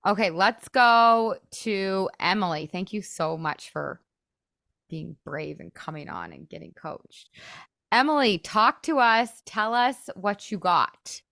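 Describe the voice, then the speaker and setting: A woman's voice: medium pitch, sing-song, slow, creaky, fairly bright tone, no room sound, studio quality. A woman in her thirties, a podcast host, coaching in a chatty, casual way, full of "like" and acted-out inner thoughts.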